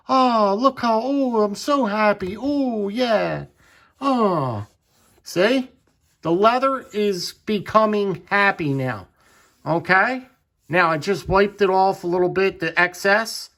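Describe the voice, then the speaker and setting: High-voiced folksy man demonstrating. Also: a bit bright. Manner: folksy, repeats words for emphasis. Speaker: knife channel host. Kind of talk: hands-on demonstration.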